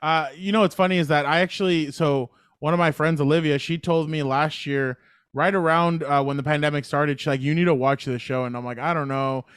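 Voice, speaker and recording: A man's voice: on the high side, fairly even intonation, brisk, a bit bright, clean tone, no room sound, clean studio sound. A man in his thirties co-hosting a podcast, chatting casually, rambling and laughing easily. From Latino American. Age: 30s. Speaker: podcast co-host. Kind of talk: casual chat.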